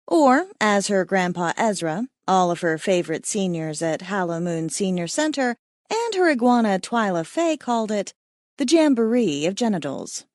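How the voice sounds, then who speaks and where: A woman narrating a comic romance audiobook in a playful, expressive way. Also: mid-range voice, normal speed, no echo, clean studio sound.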